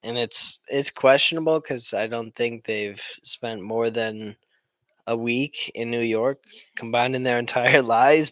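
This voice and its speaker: A man's voice: mid-range voice, a little slow, fairly bright tone, no room sound, studio quality. A young man giving casual, rambling commentary on a live football game stream, joking and laughing often.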